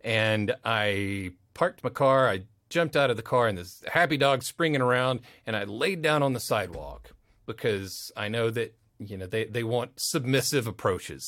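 A man, a voice actor, talks in a loose, rambling way during a relaxed interview, now and then dropping into playful little voices for the people he quotes. His voice sits at an ordinary male pitch. The studio sound is dry and close. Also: moderate pace, dry recording. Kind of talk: casual interview storytelling. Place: recording studio.

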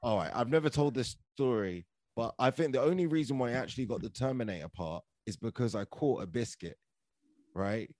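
This London-born actor-comedian speaks a little fast in a medium-pitched voice, with no echo on the recording. As a podcast guest he tells stories casually and animatedly, peppering them with "like" and "right?".

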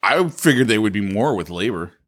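A man's voice: lowish voice, lively intonation, brisk, a bit bright. A man co-hosting a podcast, telling a story about his own life in casual chat, self-mocking and often laughing. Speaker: podcast co-host.

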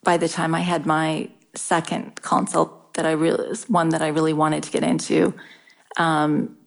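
A middle-aged woman talking candidly in an interview, halting often and restarting her sentences. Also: low voice, little pitch movement, creaky. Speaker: guest sharing her cancer story. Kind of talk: casual interview talk.

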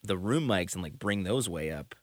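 A man's voice: sits low, lively intonation, normal speed, no echo, studio quality. A man, a touring musician, telling stories in casual conversation, rambling and full of fillers. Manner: rambling storyteller, many fillers.

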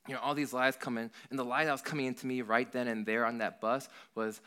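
A man's voice: medium pitch, level tone, fast talker, hardly any pauses, pushed and bright, clear, resonant tone. A young adult man, a worship leader, giving a casual youth sermon in an earnest, rambling way, full of "like". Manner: earnest, rambling, heavy use of "like".

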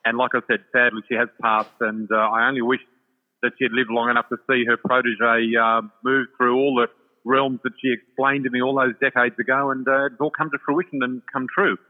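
A man's voice: mid-range voice, level tone, brisk. An older Australian man, a psychic guest, telling his story in an effusive, chatty way with many fillers. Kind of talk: casual storytelling chat. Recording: tinny phone-like line with long reverb.

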